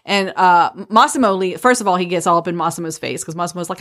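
A woman's voice: fairly low pitch, fast talker, a bit bright. A woman in casual chat about a novel, jumping in eagerly to finish her co-host's sentences and act out the characters' lines. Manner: enthusiastic, jumps in to finish sentences, frequent agreement. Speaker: book podcast co-host.

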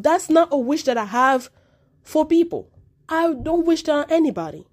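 A woman's voice: sits high, darkish tone. Impassioned woman podcast host. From Africa. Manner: impassioned, repeating words for emphasis. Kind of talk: solo commentary podcast.

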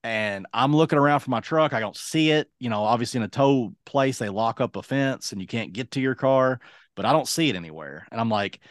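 A young man and podcast co-host telling a casual, lively anecdote, acting out other people's lines as he goes. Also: medium pitch, brisk, dry recording, studio quality. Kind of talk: casual storytelling.

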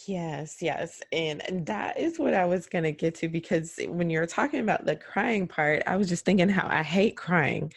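Woman host, casual chat, giggly, self-deprecating, lowish voice, dry sound. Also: animated, moderate pace, few pauses, slightly rough, no room sound. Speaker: podcast host. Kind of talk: casual podcast conversation.

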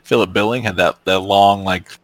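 Low-voiced laid-back man, dry sound. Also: fairly even intonation, moderate pace, no room sound. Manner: laid-back, hesitant, many ums. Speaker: podcast co-host. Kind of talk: casual sports chat.

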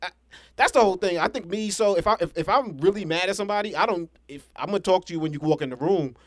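A man co-hosting a podcast, retelling events in rapid, animated casual chat. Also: high-pitched, no echo, studio quality. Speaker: podcast co-host.

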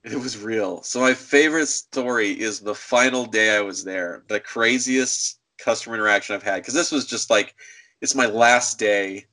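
A man telling a story in casual chat, animated and slipping into acted quotes. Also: fairly low pitch, moderate pace, poor audio.

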